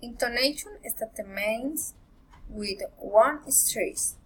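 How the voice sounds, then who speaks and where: A woman reading English pronunciation drills aloud, careful and halting, with repeats and self-corrections. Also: a little high, slightly rough, poor audio. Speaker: pronunciation practice reader.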